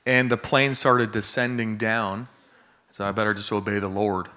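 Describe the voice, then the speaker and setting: A man's voice: fairly low pitch, normal speed. A man preaching a sermon in a casual, conversational way, telling a story and often asking "okay?" and "you know?" along the way. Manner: casual and conversational, with many fillers and tag questions; gets excited and laughs while joking.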